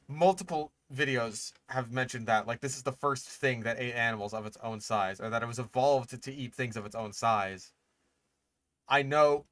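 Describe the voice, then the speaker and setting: A man's voice: medium pitch, fairly bright tone, no room sound. A man giving casual, profane live-stream commentary on a video, exasperated and sarcastic. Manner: exasperated, sarcastic, swears often.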